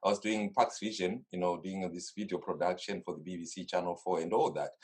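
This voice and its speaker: A man from Zimbabwe, a guest in an interview, telling a lively anecdote and re-enacting past conversations. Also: low voice, a little fast.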